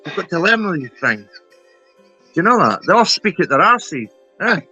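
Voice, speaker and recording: A man's voice: sits high, very animated, moderate pace, sharp tone, husky, lo-fi sound, faint music behind. A Scottish man in casual chat who talks bluntly, swears freely and ends his lines with "right?". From Scotland. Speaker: chat participant.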